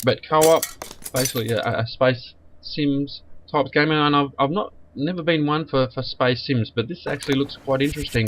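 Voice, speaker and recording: A man hosts a car repair game in casual commentary, his voice croaky and stuffed up from a cold. He rambles and restarts words often. Steady noise sits behind him. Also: mid-range voice. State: hoarse from a cold, sniffly. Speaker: gaming channel host. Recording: noisy background.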